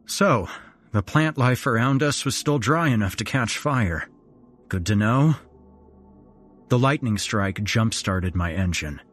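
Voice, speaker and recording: A man's voice: fairly low pitch, slow, faint music behind. A man reading a first-person horror story in dramatic scripted narration. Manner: dramatic, expressive. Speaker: horror podcast host.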